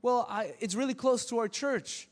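A man's voice: extremely high pitch, normal speed, big-room sound, voice pushed up. A man voicing an anxious lost five-year-old boy who pleads for help finding his house. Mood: pleading.

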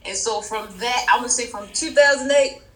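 A woman's voice: on the high side, moderate pace, fairly bright tone, roomy sound, slight background noise, rough recording. A woman chatting casually as a podcast guest, telling stories animatedly and acting out her friends' voices. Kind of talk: casual chat.

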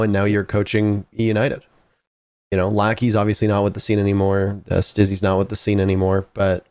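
Casting: male interviewer, lowish voice, dry close sound, chatty and rambling. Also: darkish tone, dry recording. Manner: rambling, many restarts and asides. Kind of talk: casual esports interview.

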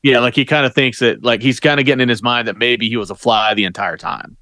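A man's voice: mid-range voice, quick pace, dry recording, clean studio sound. A man co-hosting a podcast, chatting casually about a film with lots of fillers. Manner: relaxed, loose chatter with many fillers. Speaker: podcast co-host. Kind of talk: casual movie review chat.

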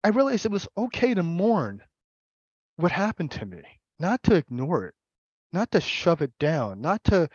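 A man's voice: high voice, big pitch swings, darkish tone, husky, no room sound, dull audio. Candid man sharing his recovery story. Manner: candid, halting, with repeated words and laughter. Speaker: recovery meeting speaker. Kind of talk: personal recovery share.

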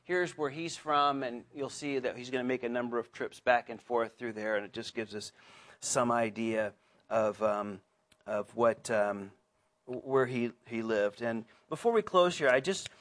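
A man's voice: mid-range voice, measured pace, fairly bright tone. A man teaching a Bible study in a chatty, earnest way, full of asides and restarts. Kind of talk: conversational sermon.

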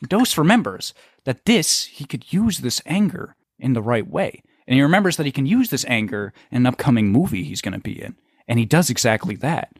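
A man's voice: medium pitch, fairly quick, husky, dry recording. A young man co-hosting a casual show, telling jokey stories and laughing as he talks. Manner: lively, laughs while telling. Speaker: podcast co-host. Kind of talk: casual storytelling banter.

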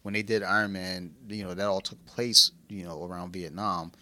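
A man co-hosting a casual podcast chat, talking in a rambling, profane and excitable way. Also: deep voice, moderate pace. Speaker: podcast co-host.

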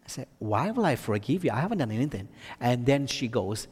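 A man's voice: medium pitch, sing-song, a little fast, a little mellow, breathy edge, long reverb tail. A man from Texas telling a testimony as a sermon, with many restarts and fillers, rising to emphatic preaching.

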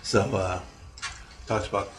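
Male podcast host, low relaxed voice, roomy echo and faint noise behind. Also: measured pace, recorded from a distance. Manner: relaxed, short affirmations while listening. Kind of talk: casual podcast chat.

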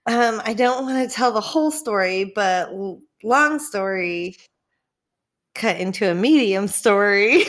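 A woman's voice: mid-range voice, measured pace, a bit bright. A woman in her twenties telling candid personal stories in casual chat, swearing freely and acting out the people she quotes. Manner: candid, swearing, laughing, acts out quoted dialogue.

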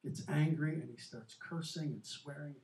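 A man's voice: on the high side, normal speed, gravelly. A man co-hosting a Christian talk show, telling a faith story casually and earnestly, acting out the quotes. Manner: earnest, animated storyteller who acts out quotes. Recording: echoey room, distant from the mic.

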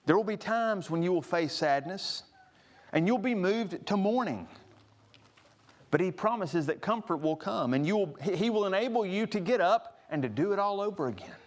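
A man's voice: sits high, animated, moderate pace. A man preaching a sermon, earnest, rising to stress each scripture he quotes. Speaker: pastor.

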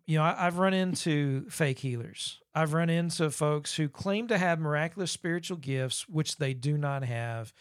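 Folksy man with a higher voice. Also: no echo, studio quality. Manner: folksy, rambling with fillers. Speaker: podcast co-host. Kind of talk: casual podcast chat.

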